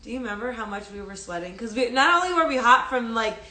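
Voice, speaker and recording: A woman's voice: a little high, lively intonation, quick pace, pushed and bright, reverberant. A young woman telling a personal story on a phone live stream, rambling with many fillers and restarts, casually swearing. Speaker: livestreamer.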